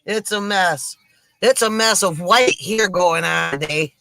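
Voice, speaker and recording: A middle-aged woman, hosting a live stream from home and telling corny jokes slowly, laughing and sighing often, a bit tipsy from drinks. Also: lowish voice, creaky, bright, forceful tone, no room sound. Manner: slow, corny jokes with frequent laughs and sighs. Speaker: live stream comedy host. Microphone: computer mic for a live stream.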